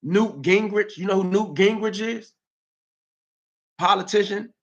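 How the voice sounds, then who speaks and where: Animated, bright-voiced DC man ranting. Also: high voice, measured pace, muffled recording. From Washington, DC. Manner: animated, mocking, streetwise banter. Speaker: live-stream host. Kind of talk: live-stream commentary.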